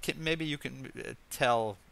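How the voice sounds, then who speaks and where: Bright, hesitant male interview host. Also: mid-range voice, vocal fry. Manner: hesitant, halting, with many restarts.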